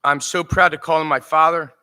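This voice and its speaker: Man telling stories in a bright eulogy. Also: fairly high pitch, fairly even intonation, fairly quick, clean tone. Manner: storytelling, emotional, laughs through stories. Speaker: son giving a eulogy. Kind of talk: memorial eulogy with anecdotes. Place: memorial service.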